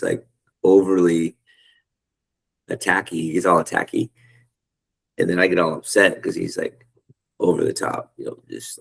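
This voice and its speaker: A middle-aged man leading a casual spiritual study group over a video call, talking in an animated, rambling way and searching for words. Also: sits low, vocal fry, low-quality recording.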